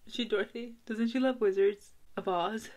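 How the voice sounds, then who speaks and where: Giggly young woman gushing in hushed tones. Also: fairly high pitch, fairly even intonation, normal speed, lo-fi sound. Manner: gushing and giggly, often dropping to a hushed whisper. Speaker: video creator reacting to a music video. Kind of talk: casual reaction commentary. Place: her bedroom at home, at night.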